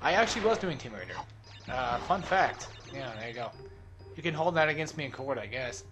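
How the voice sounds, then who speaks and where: A man's voice: medium pitch, lively intonation, a little fast, music in the background. A young man giving rambling, self-mocking commentary while playing a video game, swearing and laughing often. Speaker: let's play host. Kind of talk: casual gameplay commentary.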